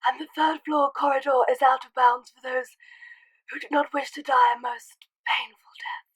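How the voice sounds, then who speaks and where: A hoarse woman with a cold voicing a wise old male wizard headmaster, booming a grave warning. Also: steady tone, normal speed, lightly acted, rough recording. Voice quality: hoarse, shouted then hushed.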